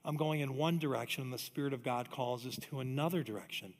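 Energetic preacher in a reverberant hall. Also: male voice, mid-range voice. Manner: energetic, emphatic preaching with rising intensity and quick asides. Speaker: pastor. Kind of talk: sermon. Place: church auditorium. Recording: long reverb of a large hall.

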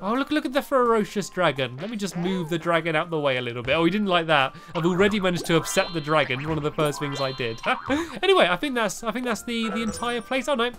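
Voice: medium pitch, sing-song, fast talker, a bit bright, faint music behind. A let's-player giving chatty, casual gameplay commentary, laughing often and reading game text aloud in joking voices.

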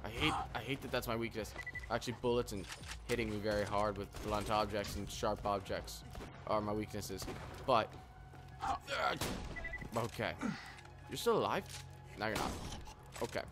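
A man's voice: fairly low pitch, steady tone, moderate pace, long pauses, over music. A man giving casual, rambling let's play commentary with sarcastic, self-mocking jokes. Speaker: gameplay commentator. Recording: noisy game audio behind.

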